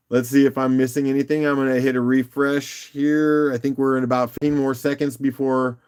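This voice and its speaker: A man's voice: medium pitch, flat delivery, normal speed, a little mellow, clean tone. A man hosting a casual live-stream rock auction, upbeat and chatty, calling out bids and laughing often.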